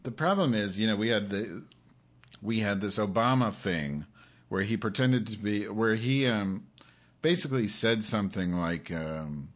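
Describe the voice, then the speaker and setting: A man's voice: lowish voice, animated, measured pace. A man hosting his own live-stream show, in an angry, profane rant aimed straight at his audience.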